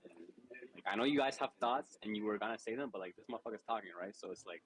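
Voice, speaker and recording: A man's voice: on the low side, quick pace, rough recording. A young man co-hosting a podcast, brash and boastful in joking banter. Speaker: co-host. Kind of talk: casual banter.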